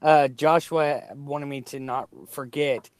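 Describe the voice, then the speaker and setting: A man's voice: medium pitch, little pitch movement, takes it slowly, clean tone, no echo. A man from the United States hosting a casual chat, rambling with many ums and hedges. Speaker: host.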